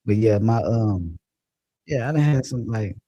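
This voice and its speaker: A man's voice: on the low side, expressive, unhurried, warm tone, dry recording, lo-fi sound. A man hosting a casual livestream, chatting loosely and profanely and laughing as he reads viewer comments. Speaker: livestream host. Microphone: phone or computer mic.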